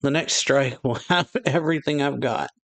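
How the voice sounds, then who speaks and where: A man's voice: mid-range voice, normal speed, creaky, a bit bright, pitched above the performer's own voice. A man voicing a cold, calculating, powerful male vampire father. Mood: menacing.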